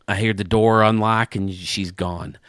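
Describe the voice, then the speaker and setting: Animated chuckling male storyteller. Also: on the low side, unhurried, clean tone, no room sound, studio quality. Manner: animated, chuckling anecdote-teller. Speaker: gaming channel host. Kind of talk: casual storytelling to camera.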